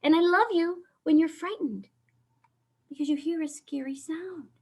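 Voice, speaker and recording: A woman with an extremely high voice hosts a children's story time over a video call at normal speed. She reads a picture book aloud in an animated way and asks the children questions.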